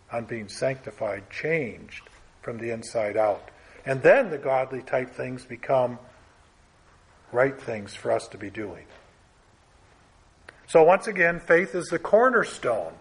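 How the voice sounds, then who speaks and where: A man preaching a sermon in a measured, emphatic way, letting his voice fall away softly at the end of phrases. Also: a little high, slightly rough.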